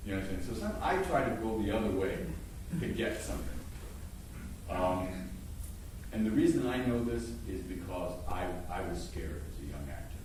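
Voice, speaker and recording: An older man teaching acting before an audience, an animated storyteller who stammers and restarts and bursts into loud impressions. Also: low-pitched, moderate pace, slight background noise. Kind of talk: lively workshop talk. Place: large hall before an audience. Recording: echoey hall from far off.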